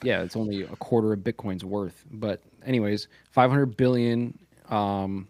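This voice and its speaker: A man's voice: fairly low pitch, moderate pace, no room sound. A man co-hosting a podcast tells stories with animation and swears freely. His voice sits mid-range and sounds dry and close to the mic. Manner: animated, profane, storytelling with quoted voices. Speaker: podcast co-host. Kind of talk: casual podcast chat.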